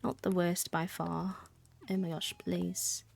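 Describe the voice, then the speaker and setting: A woman's voice: fairly low pitch, flat delivery, slow pace, vocal fry, darkish tone, faint music behind. A young woman streaming a game live, chatting in a rambling way, answering her chat and thanking subscribers. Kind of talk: casual live-stream chat while gaming.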